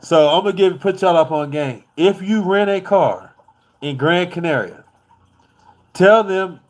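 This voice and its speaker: A man's voice: sits high, lively intonation, a little slow. A man from the United States telling a travel story in a loose, profane, laid-back way, laughing as he goes. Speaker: vlogger.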